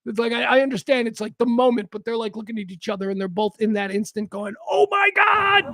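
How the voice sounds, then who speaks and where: A man's voice: high-pitched, little pitch movement, fast talker, a little hiss or hum. A man hosting a livestream, chatting casually and enthusiastically as he comments on online videos, laughing often. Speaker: livestream host.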